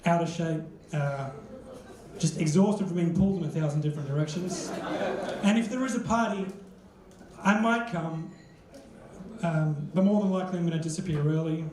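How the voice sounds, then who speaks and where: A man's voice: a little high, moderate pace, long pauses, background noise. A man in his thirties doing a dry, self-deprecating stand-up set. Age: 30s. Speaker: stand-up comedian. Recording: echoey club room.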